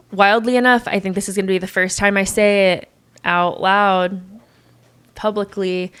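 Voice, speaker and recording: A woman in her thirties, a podcast guest, telling a personal story in a lively, casual way and often acting out what others said. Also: medium pitch. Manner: animated, quotes others often.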